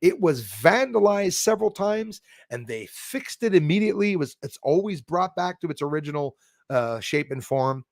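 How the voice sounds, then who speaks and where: A man from Canada rambles through a livestream in a heated, blunt way, often restarting his sentences. His voice is gravelly and sits a little high. The sound is dry and close. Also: big pitch swings, normal speed, a little mellow, no echo. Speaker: livestream host reading chat. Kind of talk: casual livestream talk.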